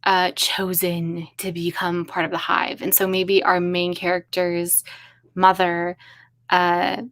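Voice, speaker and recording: Casual streamer, young woman, muses aloud, bursts of excitement, chatty. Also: lowish voice, slow. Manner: musing, excitable, thinking aloud. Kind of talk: casual livestream brainstorming.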